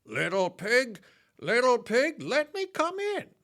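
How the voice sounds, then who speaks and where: The big bad wolf of a storybook, hungry and angry, as a reader puts him on, growling low and slow with sweeping rises into roars. Every threat gets stretched out long. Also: huge pitch swings, vocal fry, fairly bright tone, heavily acted. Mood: roaring.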